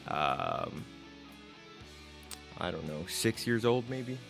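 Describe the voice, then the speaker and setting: A middle-aged man hosts a podcast, spinning rambling, profane stories and chuckling at them. His voice sits very low with a gravelly fry. Soft guitar music plays faintly behind him. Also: very animated, drawn-out words. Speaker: podcast host. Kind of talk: casual storytelling chat.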